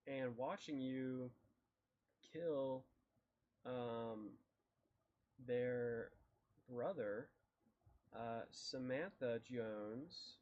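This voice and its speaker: A man running a tabletop game as dungeon master, relaxed and halting, with many fillers and restarts. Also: medium pitch. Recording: dull lo-fi mic.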